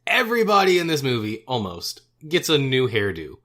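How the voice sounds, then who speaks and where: A man's voice: medium pitch, wildly swooping pitch, normal speed, few pauses, a bit bright. A young man co-hosting a movie podcast, chatting casually, rambling and correcting himself as he goes, chuckling at his own jokes. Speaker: podcast co-host. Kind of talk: casual movie review chat.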